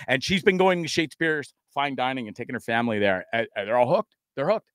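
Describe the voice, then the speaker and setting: A man's voice: mid-range voice, lively intonation, fast, fairly bright tone, smooth, no echo, studio quality. A man hosting his own live talk show, rambling and chatty, swearing freely as he talks through ads and plans. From Canada. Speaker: podcast host. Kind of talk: casual live show monologue.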